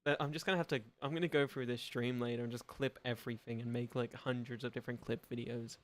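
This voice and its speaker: A young man signing off his gaming livestream, rambling and self-deprecating, often trailing off into quieter mumbles. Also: medium pitch, level tone, quick pace, a little hiss or hum. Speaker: gaming streamer. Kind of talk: casual livestream sign-off chat.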